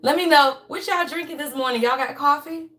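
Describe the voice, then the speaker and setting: A woman with a somewhat high voice hosts a relaxed astrology livestream. She talks in a chatty, folksy way and keeps turning to her viewers with y'all. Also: brisk, faint music behind. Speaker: astrology and tarot reading host. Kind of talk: casual livestream reading.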